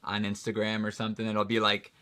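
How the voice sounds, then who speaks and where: A young man co-hosting a live stream, chatting casually in quick, animated banter. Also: lowish voice. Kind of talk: casual chat.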